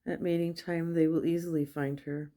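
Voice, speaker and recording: A woman reading scripture aloud at a steady pace, with small slips and self-corrections. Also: deep voice, normal speed. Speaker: Bible reader.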